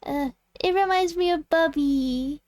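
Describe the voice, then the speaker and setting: A woman's voice: very high-pitched, unhurried, a little mellow. A woman artist chatting casually while she draws, rambling with lots of "like" and "um" and giggling often. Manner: rambling and giggly, full of "like" and "um" fillers. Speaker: artist and channel host. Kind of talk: casual chat while drawing.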